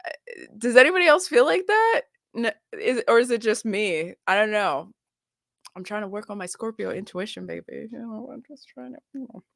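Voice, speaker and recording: A woman's voice: a little high, lively intonation, moderate pace, vocal fry, fairly bright tone. A chatty young woman reacting to a video on stream for her viewers. She giggles easily and fills her talk with "like". Her voice is close and dry, with no room echo. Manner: giggly, chatty, full of filler "like".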